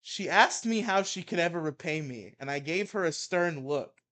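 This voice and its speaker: A young man with a fairly high voice reads a comic rant aloud to his co-host. He hams up the outrage and keeps breaking into laughter. The talk is loose and chatty. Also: expressive, moderate pace, a bit bright. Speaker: co-host reading an article aloud. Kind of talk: casual chat and comic dramatic reading.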